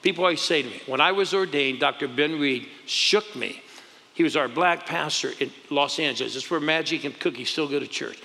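Gravelly, animated preacher man. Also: on the high side, a little fast. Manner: exclamatory, emphatic, loud outbursts. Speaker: pastor. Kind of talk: animated storytelling testimony. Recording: long hall reverb.

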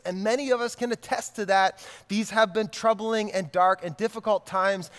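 A man's voice: high-pitched, steady tone, moderate pace, few pauses. A male pastor in his thirties preaching a sermon in a conversational way, repeating key lines for emphasis. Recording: long hall reverb.

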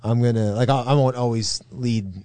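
A man's voice: medium pitch, steady tone, normal speed, warm tone, no room sound. A middle-aged man, a pastor hosting a podcast, talking casually and animatedly, laughing and restarting his phrases. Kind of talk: casual chat.

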